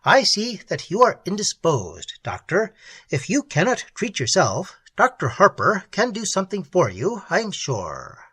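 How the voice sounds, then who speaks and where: A man's voice: sits high, wildly swooping pitch, measured pace, fairly bright tone, husky, no room sound, pitched above the performer's own voice, exaggerated voice. A man voicing a deranged white-haired older male doctor, courteous and vague with bursts of ferocity, in a storybook reading. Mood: courteous, sly. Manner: vague, then sudden ferocity.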